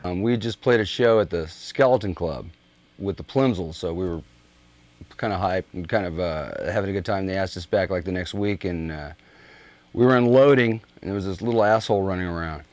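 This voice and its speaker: A man's voice: low-pitched, a little fast, darkish tone, no room sound. Man animatedly telling a story. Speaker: interviewee. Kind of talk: documentary interview recollection.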